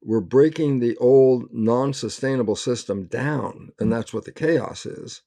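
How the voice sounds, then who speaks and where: Speaking a little slowly in a mid-range, gravelly yet mellow voice, an older biologist guest gives an animated interview. He is earnest and emphatic, acting out small quoted exchanges as he goes.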